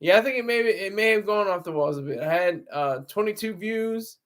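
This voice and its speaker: A man with a high voice talks briskly while hosting a casual livestream through his laptop camera mic. He rambles, laughs often, and answers his chat.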